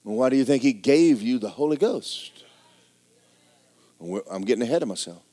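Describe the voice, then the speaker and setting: A middle-aged man preaching a folksy, joking sermon in a church, swinging between loud exhortation and quiet asides. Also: mid-range voice, expressive, normal speed. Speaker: pastor.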